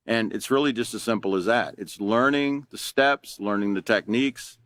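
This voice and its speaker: A man's voice: mid-range voice, fairly bright tone, no room sound, studio quality. A middle-aged man, teaching an anger management class in a casual, conversational way and asking his students questions.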